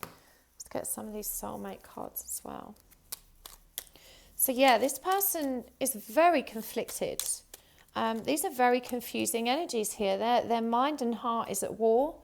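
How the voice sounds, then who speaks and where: A woman's voice: on the high side, animated, measured pace, creaky, a little hiss or hum. A woman giving a chatty tarot reading straight to her viewers, talking casually with many fillers. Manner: chatty, warm-hearted, many ums and you-knows. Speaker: tarot reader.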